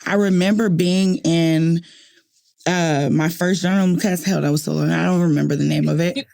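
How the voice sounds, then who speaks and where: A woman from New Orleans hosting a podcast, telling stories in animated casual chat and repeating phrases for emphasis. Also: lowish voice, moderate pace, gravelly. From New Orleans, USA. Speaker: podcast host.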